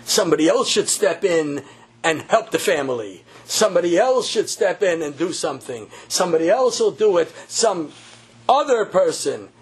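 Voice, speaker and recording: A man telling a story in a sermon, animated and repeating phrases for emphasis. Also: high voice, moderate pace, breathy edge. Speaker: religious teacher.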